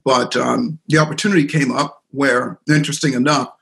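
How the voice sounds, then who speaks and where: A middle-aged man, a seminar speaker and coach, telling an animated story as a guest in a podcast interview. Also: mid-range voice, moderate pace, gravelly. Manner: animated storyteller, acts out quoted voices.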